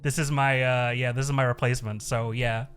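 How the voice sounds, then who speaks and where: A man's voice: medium pitch, level tone, fairly quick, a bit bright, smooth. A man streaming live, chatting casually in a rambling way, swearing a lot and laughing often. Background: faint looping background music.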